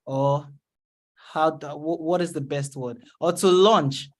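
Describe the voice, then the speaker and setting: A man's voice: a little high, slow. A man hosting an online event as emcee, talking with lots of fillers. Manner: chatty, filler-heavy.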